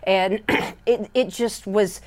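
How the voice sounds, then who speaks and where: Lady podcast host, lively, acts out the story, lots of restarts. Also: medium pitch. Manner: animated, acts out scenes, quick restarts. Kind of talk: casual faith chat. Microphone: studio microphone.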